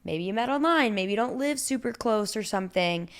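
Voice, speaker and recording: A woman's voice: medium pitch, expressive. Chatty hedging woman podcast host. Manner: chatty, hedging, measured advice. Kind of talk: casual chat.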